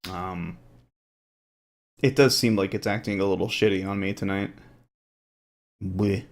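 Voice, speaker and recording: A man's voice: low-pitched, unhurried. A man streaming live, chatting casually to viewers with a rambling, um-filled delivery. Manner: rambling, with frequent ums.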